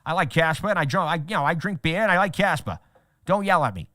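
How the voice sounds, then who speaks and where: A man voicing a dopey, loudmouthed middle-aged cartoon dad, rambling and blustering in a goofy way. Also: a little high, lively intonation, quick pace, no echo, clean studio sound.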